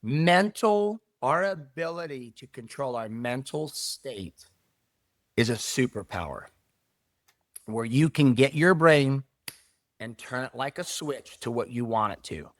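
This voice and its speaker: A middle-aged man speaks in an emphatic, animated way, driving his points home and repeating key phrases. His voice sits in a middle pitch. It is recorded close and dry, with no room sound. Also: takes it slowly, no echo. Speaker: jiu-jitsu academy owner, podcast guest. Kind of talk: casual interview talk.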